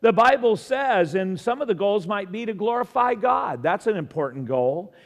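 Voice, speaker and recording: A man's voice: high voice, lively intonation, normal speed. A middle-aged man preaching a sermon as pastor, earnest and calling out to the congregation. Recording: long reverb of a hall.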